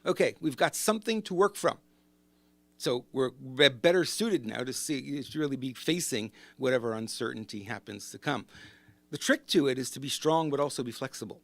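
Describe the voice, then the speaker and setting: A man's voice: medium pitch, normal speed, creaky. A middle-aged man hosting a solo business podcast, talking in a loose, rambling way with asides and rhetorical questions. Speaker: business coach and podcast host.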